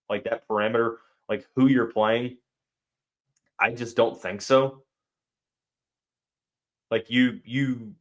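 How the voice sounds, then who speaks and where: Man talking sports on a podcast. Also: medium pitch. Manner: thinking aloud, frequent fillers and restarts. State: has the hiccups. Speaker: podcast host. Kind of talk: casual sports podcast talk.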